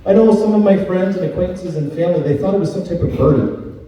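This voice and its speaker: A man's voice: high voice, fast, dark tone, heavy reverb, big-room sound, distant mic, rough recording. A man from Canada in his thirties doing a conversational stand-up comedy set, often tagging his lines with "right?". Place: comedy club stage.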